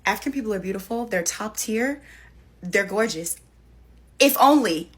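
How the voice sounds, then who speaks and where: A woman's voice: medium pitch, expressive, normal speed, pauses often, husky. A woman talking in a wistful, emphatic, reflective monologue. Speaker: social media commenter.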